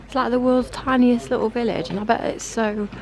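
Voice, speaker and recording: A woman's voice: on the high side, steady tone, brisk. A young woman, chatting casually to a handheld camera while on a coastal boat trip. She talks in a chatty, giggly way and keeps saying things are little and lovely. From England. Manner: chatty, giggly, often says "little" and "love it". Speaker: travel vlogger. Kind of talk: casual vlog narration. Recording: noisy outdoor ambience with boat sounds.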